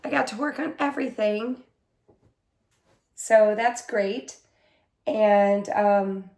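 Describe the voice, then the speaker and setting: A hoarse woman getting over an illness, with a smoky, husky voice, chatting casually as host of her cross-stitch video in her craft room. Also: mid-range voice, steady tone, a little slow, darkish tone, roomy sound. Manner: rambling, chatty, full of fillers. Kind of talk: casual chat to camera.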